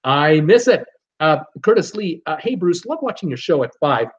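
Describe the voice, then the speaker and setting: A middle-aged man with a fairly high voice hosts a live stream, reading out viewer comments in a loose, jokey way. The audio is dull and lo-fi, like a home streaming setup. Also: very animated, moderate pace, breathy edge. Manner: chatty, jokey, reads comments aloud with bursts of laughter. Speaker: host of a live cruise show.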